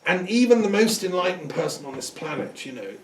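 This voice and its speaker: A man giving an informal lecture, telling a story in a conversational, rambling way with restarts and throat-clearing. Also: high-pitched, animated, a little fast, far from the mic. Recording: echoey room, speaker away from the mic.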